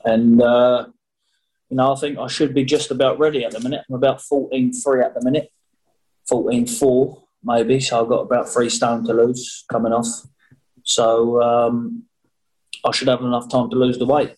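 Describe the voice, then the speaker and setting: A man chats over a video call with a cheeky, rambling manner. He jokes his way through answers in a middle-pitched voice, casual and full of fillers. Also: flat delivery, moderate pace, a little mellow, rough recording. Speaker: boxer interviewee. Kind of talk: casual remote interview.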